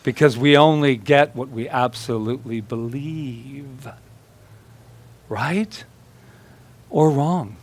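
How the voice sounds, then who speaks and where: Speaking slowly and pausing often, this man has a medium-pitched voice. He's a minister delivering a chatty sermon, storytelling with humor, performing quoted voices, and sharing laughs with his congregation.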